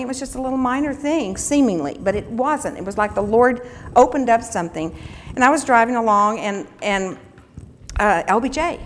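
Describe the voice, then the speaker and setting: A woman's voice: medium pitch, slight background noise. A woman giving a sermon, telling a personal story in an earnest, reflective way. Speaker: teacher giving a devotional talk.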